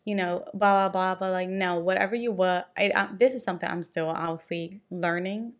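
A woman's voice: on the low side, steady tone, a little fast. Chatty woman rambling casually. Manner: rambling, loose, full of fillers and restarts. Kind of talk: casual chat.

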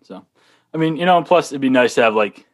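Fast-talking man, slight Boston accent. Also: medium pitch, animated. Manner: chatty, laughs through stories. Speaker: podcast guest. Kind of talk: casual chat.

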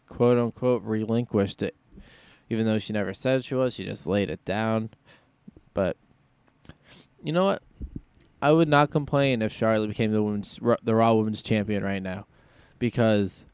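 A man's voice: mid-range voice, a little mellow, smooth, no echo. A man hosting a solo podcast in casual chat, rambling and thinking aloud as he goes. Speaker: podcast host.

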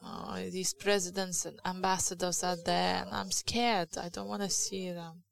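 Gravelly low-voiced woman preacher. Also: little pitch movement, low-quality recording. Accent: Lithuanian. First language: Lithuanian. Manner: candid, confessional, halting with restarts. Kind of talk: sermon.

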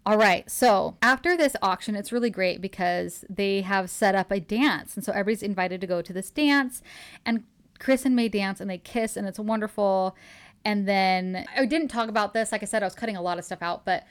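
A woman hosting a podcast in casual chat, eagerly retelling a book's plot, gushing and laughing often. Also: medium pitch. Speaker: podcast host recapping a book.

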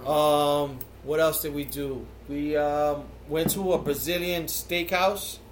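A man's voice: a little high, fairly even intonation, slow. A man hosting a podcast, telling a long story in casual chat, with plenty of fillers and swearing. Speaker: podcast host. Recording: echoey room with faint background noise.

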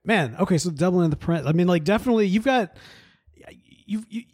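A man co-hosting a podcast, talking in a relaxed way with lots of fillers and frequent laughter. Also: high-pitched, fairly quick, no echo, studio quality. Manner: easygoing, laughs often, many fillers. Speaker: podcast co-host. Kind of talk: casual chat.

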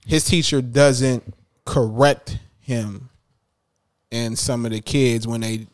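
A man's voice: medium pitch, fairly even intonation, slow pace, dry recording, clean studio sound. A man talking casually as a parent, rambling and restarting his sentences often. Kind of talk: casual chat.

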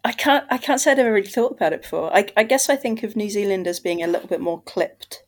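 A woman co-hosting a podcast in relaxed casual chat. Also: medium pitch, quick pace. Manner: laughs often, relaxed. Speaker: podcast co-host.

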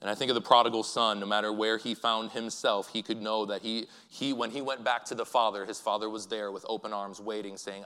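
A man's voice: lowish voice, flat delivery, bright, forceful tone, clear, resonant tone. Earnest preacher man in a reverberant church. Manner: earnest, halting, with repeated restarts. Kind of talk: sermon. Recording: church hall with long reverb.

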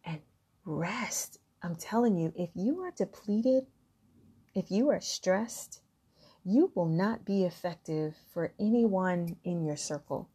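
A woman's voice: on the low side, mellow, slightly rough. A middle-aged woman talking through heartfelt self-care advice, earnest and encouraging, often restarting her sentences.

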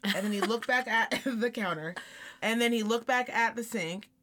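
Against a noisy background, a fairly high-pitched woman talks at normal speed as a podcast co-host. Her stories are frank and comic, her manner loose and chatty, and she slips into quoted voices along the way.

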